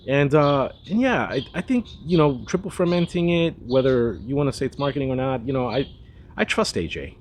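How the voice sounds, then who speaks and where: A man's voice: mid-range voice, lively intonation, a little fast, a little mellow, slight background noise. A man hosting a cigar review, talking in a rambling, chatty way with lots of asides and restarts. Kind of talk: casual cigar review monologue.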